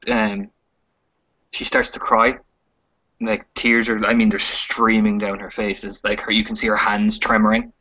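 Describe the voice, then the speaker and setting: A man narrating a tabletop role-playing game as game master, describing scenes in a halting way with fillers. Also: lowish voice, pushed and bright, dull audio.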